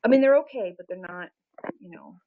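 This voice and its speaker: A woman's voice: medium pitch, a little fast, phone-quality sound, slight background noise. A woman in her twenties chatting casually on a live stream, self-deprecating and full of fillers. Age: 20s. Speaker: livestreamer.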